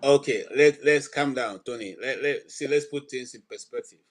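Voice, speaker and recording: A man hosting a talk show, stepping in to calm a heated guest and steer the talk. He speaks at an ordinary middle pitch, persuasive and measured. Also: rough recording. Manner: calming, interjects to steer. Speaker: host. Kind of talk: moderating a debate.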